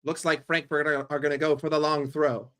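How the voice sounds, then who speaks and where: A man gives live football commentary on his watchalong stream, sarcastic and full of swearing. His voice sits somewhat high with a very bright, forceful edge. He drops into low grumbling and then bursts into loud yells. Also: a little fast. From New York. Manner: profane, sarcastic and excitable, swinging from grumbling to yelling.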